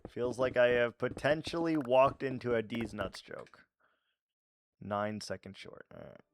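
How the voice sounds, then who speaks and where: A man's voice: mid-range voice, unhurried, slight background noise. A man streaming live and chatting casually with his viewers, laughing often and stammering through his reactions.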